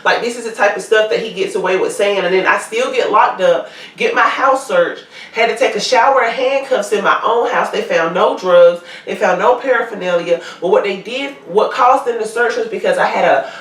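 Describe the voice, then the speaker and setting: Woman guest, lively storyteller, roomy distant sound. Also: mid-range voice, normal speed. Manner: animated, acts out quoted voices. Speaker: guest telling her story. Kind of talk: casual storytelling interview. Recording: echoey room, distant mic.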